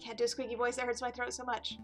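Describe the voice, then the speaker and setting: Chatty, self-mocking woman for game commentary, high voice, faint music. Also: monotone, quick pace. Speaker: let's play host.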